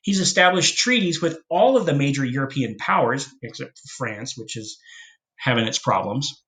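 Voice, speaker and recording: A man giving a casual history lesson, telling the story with jokes and quick put-on voices for the historical figures. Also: mid-range voice, fairly bright tone. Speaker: history teacher.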